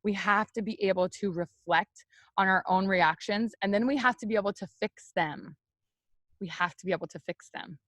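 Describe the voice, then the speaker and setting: A young woman leading a team, giving a loud, energetic, chatty motivational talk straight to her viewers on a live stream. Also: mid-range voice, moderate pace, no echo. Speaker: network marketing team leader on a live stream.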